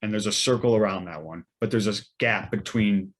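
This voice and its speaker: A man's voice: lowish voice, moderate pace. A young man, a podcast co-host, telling a rambling weekend story in casual chat with lots of fillers and restarts.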